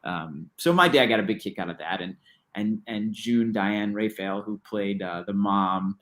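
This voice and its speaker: A man's voice: on the low side, unhurried, fairly bright tone. A man, a writer, chatting casually as a podcast guest, rambling with many restarts.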